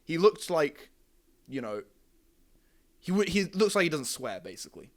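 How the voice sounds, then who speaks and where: A man's voice: a little high, sing-song, normal speed. A man hosting a podcast, telling a story in a rambling, repetitive way with frequent laughs. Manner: rambling, repeats words, laughs often. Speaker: podcast host. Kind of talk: casual storytelling chat.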